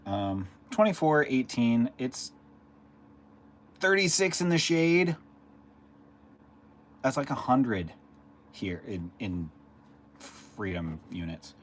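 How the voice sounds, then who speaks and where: A man's voice: medium pitch, sing-song, slow, pauses often, slight background noise. A man casually chatting on a live stream. He rambles along and answers viewers' chat messages as they come in.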